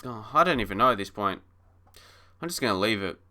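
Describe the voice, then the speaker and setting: A man's voice: lowish voice, animated, a little fast, sharp tone. A man commentating casually on a live stream of a football management game, chatty and mock-frustrated, laughing and talking to his chat.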